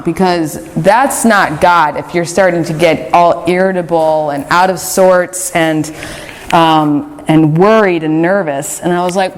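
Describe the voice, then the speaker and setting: A woman's voice: lowish voice, a little slow, in a large hall. A woman giving a spiritual talk to a group, telling her own experiences in a candid, conversational way with frequent fillers. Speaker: retreat speaker.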